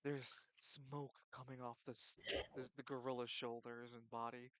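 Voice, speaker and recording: A young man narrating a tabletop game as game master, animated, swinging between loud and quiet and stumbling over his words. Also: mid-range voice, moderate pace, slight background noise, poor audio.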